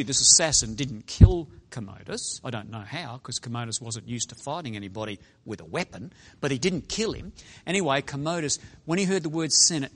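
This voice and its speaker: A middle-aged man preaching to young people in a dramatic storytelling style, swinging from loud exclaiming to hushed asides. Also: medium pitch.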